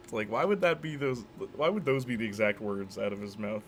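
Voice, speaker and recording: A man's voice: fairly low pitch, brisk, slight background noise. A man streaming games, chatting casually and rambling through jokes. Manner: rambling, jokey, acts out silly dialogue. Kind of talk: casual chat on a gaming stream.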